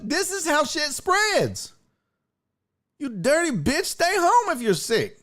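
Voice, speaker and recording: A man's voice: extremely high pitch, huge pitch swings, slow, fairly bright tone. A man hosting a live stream, telling a story in a profane, ranting, casual way. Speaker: host.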